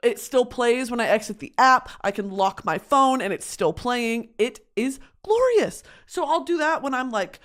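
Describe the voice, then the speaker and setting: A woman's voice: fairly high pitch, normal speed, few pauses. A young woman hosting a podcast from her home studio, chatting casually and expressively, swearing often and mocking herself in exaggerated voices. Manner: expressive, swears a lot, mocking self-talk. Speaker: podcast host. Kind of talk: casual chat.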